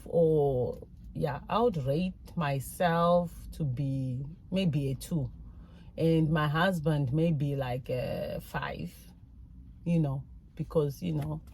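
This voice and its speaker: A woman's voice: sits low, a little mellow, a little hiss or hum. A mother giving frank, self-critical parenting advice in a casual, personal way with plenty of fillers.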